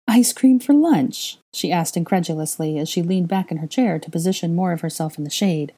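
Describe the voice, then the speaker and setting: A woman narrating a fan fiction story in a steady, plain reading voice. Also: fairly low pitch, fast talker. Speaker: reader.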